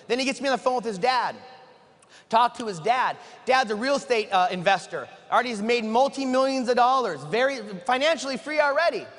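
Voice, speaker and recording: A man giving an energetic motivational talk to an audience, asking the room questions and acting out conversations. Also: very high-pitched, a little fast. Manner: energetic, asks the room questions, acts out dialogue. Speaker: motivational speaker. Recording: long hall reverb.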